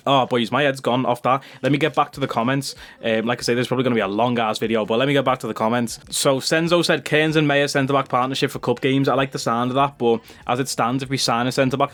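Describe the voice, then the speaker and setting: A young man commenting casually on his football career game, easily excited and breaking into high disbelief. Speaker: gaming YouTuber.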